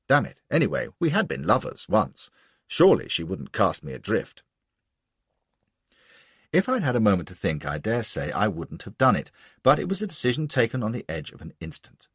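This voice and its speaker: A man's voice: low voice, breathy edge, dry recording. A man narrating a novel in the first person with a brash, boastful manner. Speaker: audiobook narrator.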